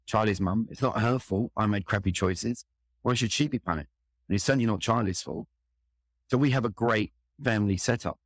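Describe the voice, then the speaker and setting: A man's voice: on the low side, no room sound, studio quality. A middle-aged man with a London accent, telling a personal story in an earnest, reflective way. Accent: London English. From England. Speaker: interview guest, firefighter.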